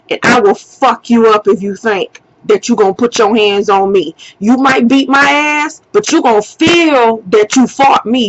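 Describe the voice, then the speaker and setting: A woman tells a heated personal story straight to her camera, unhurried and fairly high-voiced. She swears freely and acts out her own shouting. The sound is dull and lo-fi. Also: no room sound. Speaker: vlogger. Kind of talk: storytime vlog.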